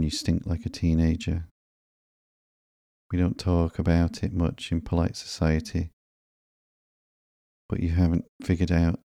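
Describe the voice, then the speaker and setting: A man voicing a blunt, teasing female antihero in a slow, sleepy comic reading, in his own low, creaky voice. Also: mellow, no echo. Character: blunt joking adult woman antihero.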